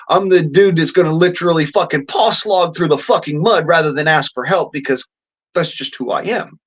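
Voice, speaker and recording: A man's voice: on the high side, a little fast, fairly bright tone, husky, dull audio. A man ranting in a vlog, swearing constantly in a blunt, rambling way with folksy slang. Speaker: vlogger.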